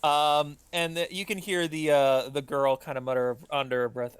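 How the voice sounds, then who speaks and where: A man's voice: on the high side, little pitch movement, normal speed, smooth, no echo. A man running a tabletop game as game master, narrating with many ums and uhs. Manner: hesitant, full of ums and uhs.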